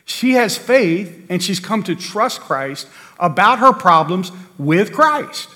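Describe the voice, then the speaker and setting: A man's voice: high voice, very animated, slow pace, bright, forceful tone. A man preaching a sermon, earnest and emphatic, often restarting his sentences. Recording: long hall reverb.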